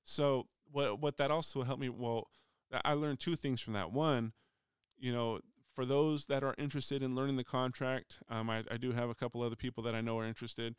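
A middle-aged union steward leaves a voice message telling a loose workplace story at a fairly quick pace, often restarting and voicing the people he quotes. His medium-pitched voice is very smooth and clear with fairly even intonation, and the sound is dry, close, and free of echo or room.

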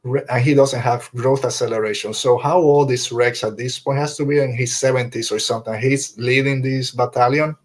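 A man co-hosting a podcast, talking casually and enthusiastically, rambling and slipping into quick impressions of characters. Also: medium pitch, steady tone. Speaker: podcast co-host. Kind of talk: casual fan review chat.

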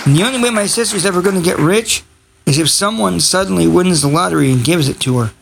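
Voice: medium pitch, fast talker, vocal fry. A podcast host in a casual, rambling monologue, profane and sarcastic. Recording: loud background noise and crowd chatter.

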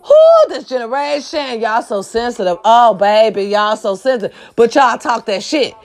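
A woman ranting to camera, blunt and profane, firing rhetorical questions and swinging between shouting and low muttered asides. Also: moderate pace. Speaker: social media commentator. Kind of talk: impassioned rant to camera.

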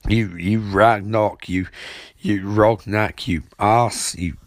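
An exasperated woman scientist, played by a man recapping a show, drags out a slow string of insults. The voice sits fairly low and sounds dry and close. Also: fairly even intonation, dry recording. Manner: slow insult-heavy rant.

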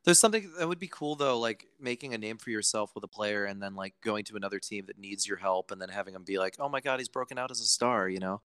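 A young man from Virginia hosts a relaxed podcast conversation, wandering off into jokey asides. His voice is crisp and ringing, sitting a touch low. The sound is dry and close, with no room around it. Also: quick pace, hardly any pauses, dry recording. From Virginia, United States. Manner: chatty and rambling, jokey asides. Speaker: podcast host. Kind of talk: casual podcast chat.

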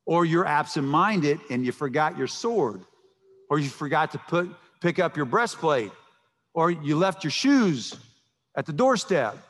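Speaking with a fairly high, somewhat bright pitch, this pastor delivers an expressive sermon at a slightly slow pace. His style is emphatic, often doubling words when a thought starts, and the church sanctuary gives off the long echo of a big hall.

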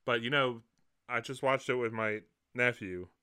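A man's voice: medium pitch, normal speed, pushed and bright, clean tone. A man in casual conversation, rambling and often hedging as he shares his opinions. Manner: rambling, hedges and restarts often. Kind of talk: casual film discussion.

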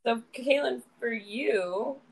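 A woman co-hosting a podcast, telling stories in a lively, casual way and swearing now and then. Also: a little high, slow pace, creaky, crowd noise, low-quality recording. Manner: animated storyteller, swears casually. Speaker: podcast co-host. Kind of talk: casual conversation.

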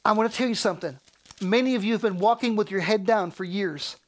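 A man preaching with fervent, repetitive cadence. His sermon swings between near-shouted declarations and soft, hushed whispers. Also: high voice, fast. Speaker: pastor.

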